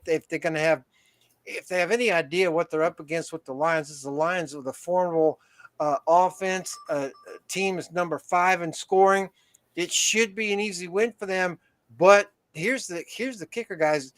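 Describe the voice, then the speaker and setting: A male host on a casual football talk stream. His voice is quite high for a man, and he loops back and restarts his thoughts as he talks through his picks. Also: moderate pace.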